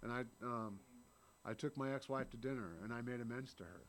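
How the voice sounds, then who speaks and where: This man in his thirties speaks with a mid-range voice, a little fast, over slight background noise. He's giving an earnest, blunt recovery share at a meeting, tagging many lines with "right?" and cursing occasionally.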